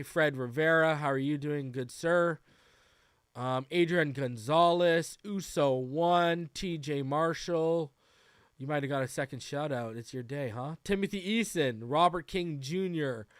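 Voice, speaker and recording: Chatty male livestream host, smooth voice. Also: a little high, a bit bright, no echo, studio quality. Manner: loose and chatty, greets viewers by name; frequent fillers and restarts. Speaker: podcast host. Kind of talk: casual livestream chat.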